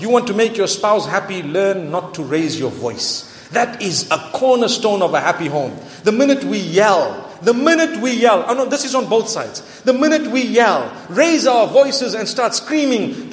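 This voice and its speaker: A man preaching a sermon to a live audience, animated and playful, mixing in Arabic phrases. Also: sits high. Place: large hall with audience. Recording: echoey hall, long reverb.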